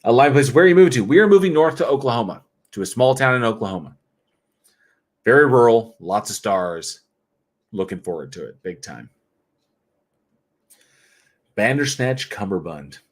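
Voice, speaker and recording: A man's voice: medium pitch, animated, moderate pace, pauses often. A tired man hosting a casual livestream, reading out viewer comments in a chatty, jokey way and often laughing. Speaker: livestream host.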